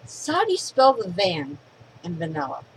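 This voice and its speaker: Woman doing a gruff ice cream shop guy, blunt and fed up, slightly lowered voice. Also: wildly swooping pitch, normal speed, a little hiss or hum, low-quality recording. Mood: exasperated. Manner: exasperated, blunt.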